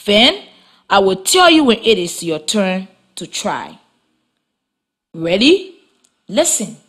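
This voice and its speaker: A woman teaching a children's reading lesson on radio in a slow, clear, instructive way. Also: mid-range voice, very animated, a bit bright. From Liberia.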